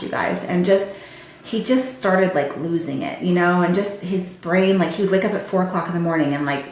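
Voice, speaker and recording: A woman with a somewhat low voice tells her own story to listeners, candid and heartfelt. She sounds like a podcast host speaking in a very echoey room. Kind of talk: personal storytelling.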